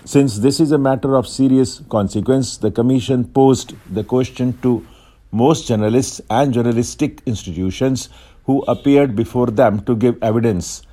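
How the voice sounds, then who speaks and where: A man reading a formal passage as shorthand dictation, in an even, measured way with clear phrase breaks. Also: mid-range voice. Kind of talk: steady dictation reading at set speed.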